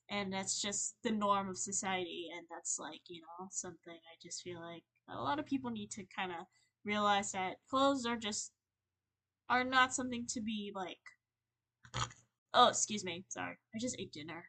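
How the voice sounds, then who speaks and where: A young woman on a livestream, venting in a rambling, halting, earnest way, full of fillers and restarts. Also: mid-range voice, pushed and bright. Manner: earnest and emotional. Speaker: streamer.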